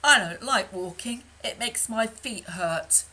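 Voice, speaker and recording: Woman playing a grumbly sore-footed duck, low and complaining, slow. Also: steady tone, a bit bright. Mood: grumbling.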